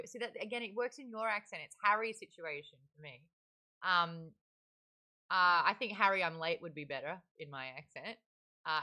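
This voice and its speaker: A woman's voice: medium pitch, bright, forceful tone. An Australian woman hosting a live-stream book club, chatting casually and reading viewer comments aloud into a desk mic. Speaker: livestream book club host. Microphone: desk microphone beside a webcam.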